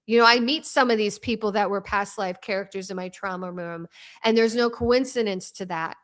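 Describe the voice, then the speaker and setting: A woman speaking as an interview guest, an author and trauma coach, talking in an animated, rambling way with frequent restarts. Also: medium pitch, brisk. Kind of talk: casual interview talk.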